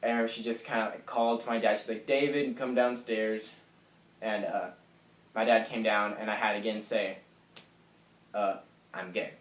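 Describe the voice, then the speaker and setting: A young man in his late teens speaks in a fairly low, soft voice, picking his way through a personal story with many pauses and fillers. The sound is roomy, with the echo of a bare room at home. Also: flat delivery. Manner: soft, halting, lots of fillers. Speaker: vlogger. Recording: echoey room.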